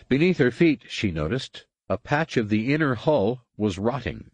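A man reading a science fiction novel aloud as a narrator, with measured, expressive storytelling. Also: mid-range voice, breathy edge, dry recording. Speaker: audiobook narrator. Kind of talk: scripted narration.

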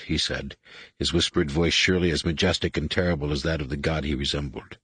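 Deep husky male audiobook narrator. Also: steady tone, a bit bright, dry recording. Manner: measured, dramatic storytelling. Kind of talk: scripted narration.

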